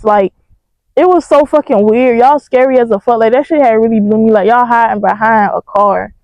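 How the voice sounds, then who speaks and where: Young woman, storytime vlog, high voice, animated, profane, dry close sound. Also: no echo, muffled recording. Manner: animated, profane, emphatic retelling.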